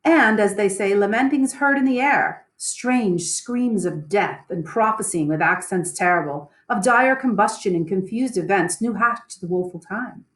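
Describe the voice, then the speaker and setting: A woman's voice: medium pitch, roomy sound, recorded from a distance, lightly acted. Woman reading a nobleman telling of a storm. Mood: ominous. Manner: measured verse reading. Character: nobleman describing a stormy night.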